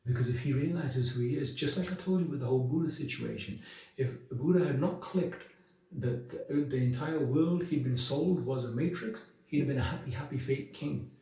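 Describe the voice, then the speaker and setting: Preachy guy ranting to camera, dark tone, sounds far off in a big echoey room. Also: mid-range voice, normal speed. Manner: emphatic, preachy, full of rhetorical questions. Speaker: video blogger. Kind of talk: monologue to camera.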